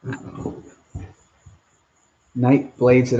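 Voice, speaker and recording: A man's voice: mid-range voice, fairly quick, darkish tone, lo-fi sound, a little hiss or hum. A man hosting a live stream Q&A outdoors, rambling casually as he reads out viewer comments. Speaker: channel host.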